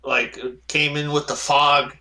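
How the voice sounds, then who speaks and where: A man voicing a huge, irritable, foul-mouthed male baron with a large booming voice. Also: flat delivery, a little slow, pushed and bright. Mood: gruff. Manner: curses angrily.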